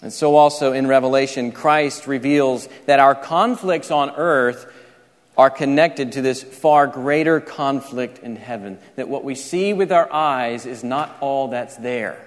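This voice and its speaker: A man's voice: mid-range voice, a little slow. A man preaching a sermon, explaining scripture step by step and often restarting his sentences. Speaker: pastor. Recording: reverberant large hall.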